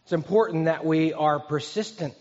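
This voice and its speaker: Pastor guy in his 50s preaching, higher voice, chatty, echo off a big hall, kinda muffled. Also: moderate pace, darkish tone. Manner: earnest, conversational preaching with audience questions. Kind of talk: sermon. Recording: echoey hall, dull sound.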